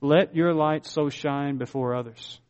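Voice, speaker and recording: A man preaching a sermon as a pastor, with emphatic pauses and big swings between soft and loud. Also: fairly high pitch, fairly even intonation, clean tone, highs cut off.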